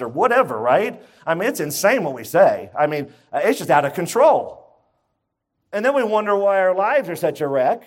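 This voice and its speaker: A man's voice: high voice, very animated, brisk. A pastor preaching to his church congregation, emphatic and conversational, repeating his key points and putting questions to the room. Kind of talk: sermon.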